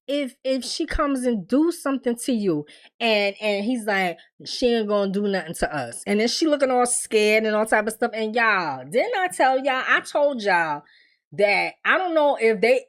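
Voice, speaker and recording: A young adult woman giving a casual, profane TV recap, bluntly acting out the characters' lines as she tells the story. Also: on the high side. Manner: blunt, profane, animated storytelling with quoted dialogue. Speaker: TV recap host.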